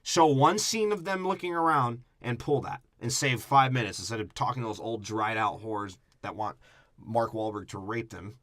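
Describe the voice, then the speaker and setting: A man's voice: medium pitch, moderate pace, a bit bright, no room sound. A man co-hosting a podcast, recapping a movie in a crude, mocking casual chat and breaking into silly voices. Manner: profane, mocking, slips into silly character voices. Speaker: podcast co-host.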